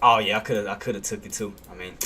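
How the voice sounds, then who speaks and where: A man's voice: on the low side, steady tone, racing, bright, forceful tone, slight background noise. A man hosting a live day-trading stream, walking viewers through price levels. He repeats himself, asks questions and answers them, and punctuates his calls with "bam" and a chuckle. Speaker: day-trading livestream host. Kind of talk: live market commentary.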